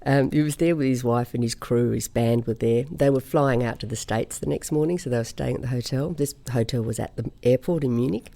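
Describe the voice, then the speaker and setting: Middle-aged aussie woman, gravelly mellow voice, chatty guest telling stories. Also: a bass voice. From Australia. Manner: chatty storyteller, quick to laugh. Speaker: singer, interview guest. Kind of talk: casual interview chat.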